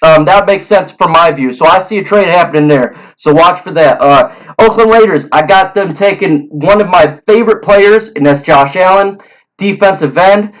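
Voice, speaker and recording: A man with a high voice hosts a fan sports show in a heated, repetitive rant. He stumbles and restarts often, piling up words as he goes. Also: moderate pace, rough recording. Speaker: sports channel host. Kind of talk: fan rant and draft predictions.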